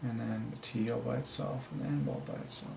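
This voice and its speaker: A man's voice: mid-range voice, steady tone, fairly quick, creaky, noisy background. A man alone at his desk, working through letter counts and muttering to himself as he goes. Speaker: channel host. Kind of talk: solo religious word-number study. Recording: echoey room.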